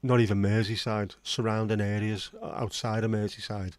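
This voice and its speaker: A man's voice: lowish voice, flat delivery, moderate pace, dry recording. A man hosting a casual livestream chat, rambling and reading out viewer comments. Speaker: livestream host.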